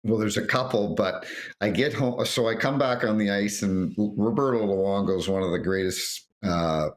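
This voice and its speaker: Low-voiced man telling stories animatedly. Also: moderate pace. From North America. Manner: animated anecdotes, acts out quotes. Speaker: guest, former referee. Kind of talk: storytelling interview.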